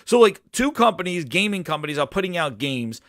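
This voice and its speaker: A man's voice: high-pitched, very animated, brisk, crowd noise. A man ranting in casual, profane gaming chat, mocking and heated. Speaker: podcast host.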